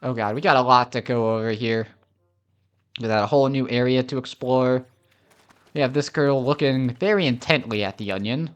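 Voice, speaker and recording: A man's voice: medium pitch, normal speed, clean tone. A man casually commentating on a video game as a let's play host, chatty and easygoing.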